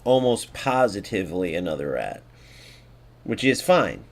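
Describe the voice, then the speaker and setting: A man's voice: sits low, big pitch swings, measured pace. A man hosting a gaming video, giving casual gameplay commentary in a blunt, sarcastic way and talking straight to his viewers.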